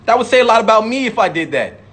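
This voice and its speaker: A man's voice: high-pitched, sing-song, quick pace, fairly bright tone. A man giving a heated, profane monologue, repeating lines for emphasis and mocking imagined critics. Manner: mocks imagined critics in sudden voices. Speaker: rapper speaking out. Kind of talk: impassioned monologue.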